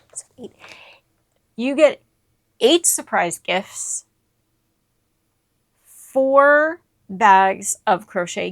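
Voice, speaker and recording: A woman hosting her crochet channel, gushing with excitement as she unboxes and shows off yarn, dropping into whispered asides. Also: fairly low pitch, gravelly, dry recording.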